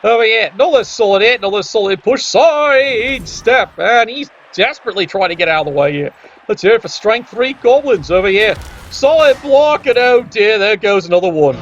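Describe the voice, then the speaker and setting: High-voiced sarcastic male game commentator. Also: lively intonation, moderate pace, fairly bright tone, a little hiss or hum. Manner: sarcastic, wry play-by-play. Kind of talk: play-by-play commentary. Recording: dull lo-fi audio.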